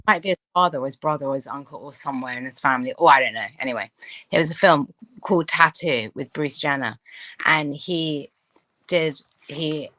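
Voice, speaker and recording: A woman's voice: low-pitched, fairly quick, a bit bright, dry recording, poor audio. A woman in a casual group discussion, telling chatty anecdotes full of asides.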